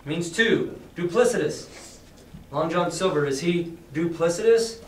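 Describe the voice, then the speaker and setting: Brief: male teacher, casual and explanatory, slightly higher voice, roomy faint-noise classroom. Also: lively intonation, measured pace. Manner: casual, explains and quizzes students. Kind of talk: reading a novel aloud to a class. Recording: echoey classroom, distant mic.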